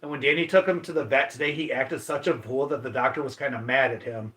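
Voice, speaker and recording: A man from Michigan hosts a casual livestream, chatting, reading viewer comments and welcoming people by name. His voice is medium-pitched and a bit bright, and he talks at a quick pace.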